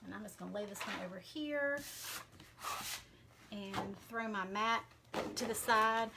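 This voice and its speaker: A craft vlogger from the Southern United States chats casually with viewers while working during a live stream, her Southern accent carrying plenty of fillers. Her voice is mid-range and measured in pace. The recording is very noisy.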